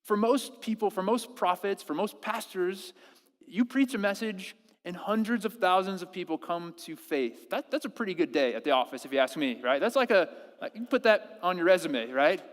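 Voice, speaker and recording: A man's voice: high voice, lively intonation, moderate pace. A man in his thirties preaching a sermon to his congregation, conversational and playful, often restarting his sentences. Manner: conversational, self-interrupting, playful asides. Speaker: pastor. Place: church service in a school auditorium. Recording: long reverb of a church hall.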